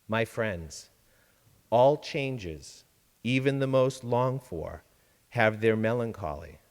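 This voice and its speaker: A man giving a sermon-style reflection from a church pulpit, measured and deliberate, with dramatic pauses. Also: medium pitch, darkish tone, in a large hall. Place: large church sanctuary.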